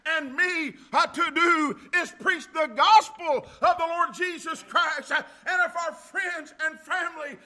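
A man preaching a sermon as a pastor, fervent, breaking into shouts of glory and hallelujah and filling pauses with "uh". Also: very high voice, fairly even intonation.

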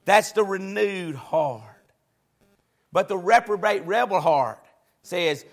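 High, gravelly preacher man. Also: animated, slow pace, pauses often. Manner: preaching cadence, swings between loud exclamations and quiet asides. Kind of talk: sermon.

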